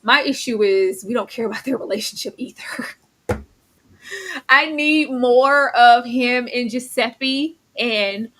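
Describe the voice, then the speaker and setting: A woman hosting a casual live recap of a TV show, lively and often laughing as she acts out the characters' lines. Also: on the high side, slow. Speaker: host reviewing a TV series.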